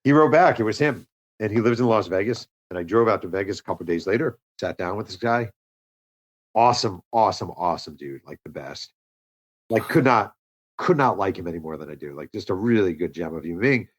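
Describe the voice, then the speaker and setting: A man, an author and podcast guest, telling a story with animated energy and acting out the lines of the people in it. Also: on the low side, brisk. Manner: animated storyteller, acts out quoted dialogue. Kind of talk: conversational storytelling interview.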